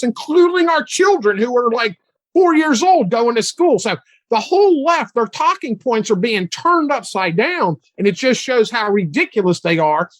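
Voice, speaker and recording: A man in his sixties, a guest on a political talk show, animated and mocking as he talks. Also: no room sound. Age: 60s. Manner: animated, mocking, mimics opponents in high voices.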